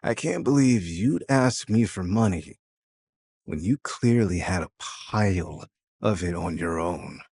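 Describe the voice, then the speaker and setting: A man voicing a sad, let-down male friend who speaks quietly and reproachfully in an audio drama. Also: deep voice, measured pace, husky, exaggerated voice.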